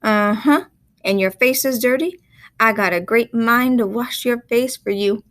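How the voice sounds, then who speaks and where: A woman's voice: fairly high pitch, measured pace, a bit bright, no echo, studio quality, pitched above the performer's own voice. Brief: a woman teacher doing a stern, scolding country woman with a rural Southern drawl, raised and firm, read-aloud storybook style. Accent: rural Southern US dialect.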